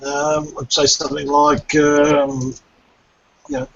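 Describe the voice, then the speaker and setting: A man in an online class, answering slowly and hesitantly with many fillers. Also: a little high, monotone, gravelly, a bit bright. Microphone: video call. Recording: muffled call audio with faint noise.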